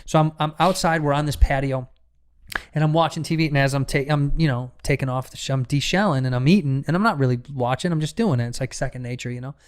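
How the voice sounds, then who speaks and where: A man, a comedian guest on a podcast, telling a profane, animated story in casual chat with many restarts. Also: medium pitch, quick pace, clean tone.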